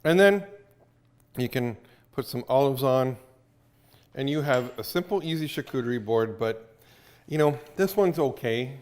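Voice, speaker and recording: A man's voice: mid-range voice, lively intonation, measured pace, long pauses, darkish tone. A man hosting a cooking show from a cottage kitchen, chatting and explaining as he cooks. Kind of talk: casual cooking demo.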